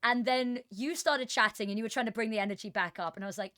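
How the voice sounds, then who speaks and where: A woman co-casting an esports match, talking in a chatty, self-deprecating way. Her voice sits a little high, and the headset sound is close and dry with no room echo. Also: quick pace, hardly any pauses, fairly bright tone. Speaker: esports caster. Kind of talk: casual co-caster chat.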